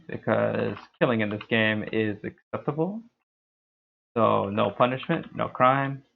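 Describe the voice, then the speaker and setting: A young man streaming a game, talking through his play in a laid-back, rambling way with a deep, dark voice. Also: creaky. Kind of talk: casual gameplay commentary. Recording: tinny lo-fi stream mic.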